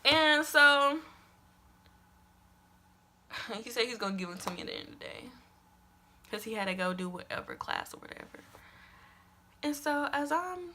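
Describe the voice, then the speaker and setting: Bright, animated young woman vlogger. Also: on the high side, normal speed. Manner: animated, dramatic, keeps addressing viewers as y'all. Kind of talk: story time vlog.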